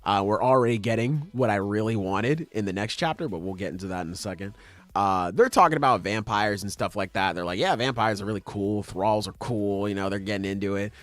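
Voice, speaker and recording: Lowish, a bit bright, and quick-talking, this man is heard in a dry recording. The laid-back podcast co-host curses while recapping manga chapters, acting out the characters through offhand paraphrase.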